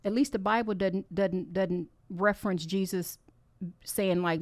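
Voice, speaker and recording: A woman's voice: medium pitch, steady tone, unhurried, no echo. Woman on her faith podcast, earnest and encouraging, kinda teary, dry close mic. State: tearful. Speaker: podcast host. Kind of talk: faith-based inspirational talk.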